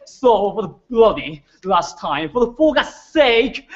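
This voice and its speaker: Slow, animated teenage poet. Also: male voice, sits high, muffled recording. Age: teens. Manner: playful, deliberate recitation. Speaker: student poet. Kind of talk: slam poetry performance.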